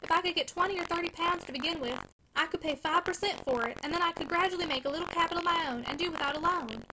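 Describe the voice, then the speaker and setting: A woman's voice: very high-pitched, fast, noisy background, pitched above the performer's own voice. A woman voicing a polite, earnest young man asking for a loan.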